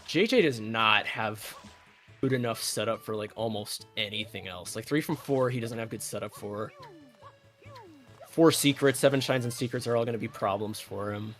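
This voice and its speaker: A man's voice: fairly low pitch, fairly bright tone. A man casually commentating a live video game race, analytical and chatty with lots of filler words. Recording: faint music behind.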